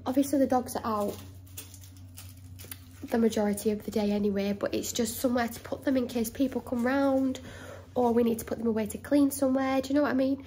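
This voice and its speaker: A woman's voice: on the high side, dark tone, a little hiss or hum, rough recording. A young woman chatting casually to camera at home in a rambling, filler-heavy way. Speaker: vlogger. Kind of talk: casual home vlog chat. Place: home, indoors.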